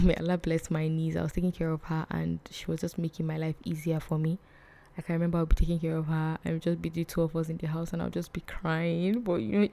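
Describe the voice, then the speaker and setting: A young woman, telling a personal story on her vlog in a soft, hesitant way that often drops to a whisper. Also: low voice, no room sound. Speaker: vlog host.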